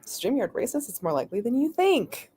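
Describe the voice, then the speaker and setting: A woman's voice: on the high side, very animated, fairly quick, dark tone, a little hiss or hum. A woman hosting a casual live stream from her bed, chatty and giggly with lots of fillers. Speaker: streamer host. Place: lying in bed at home. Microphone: headphones with mic.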